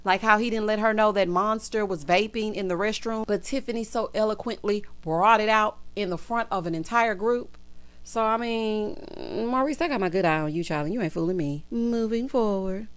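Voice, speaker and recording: A woman giving sassy, gossipy casual commentary as she recaps a reality show, laughing loudly. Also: medium pitch, normal speed, smooth.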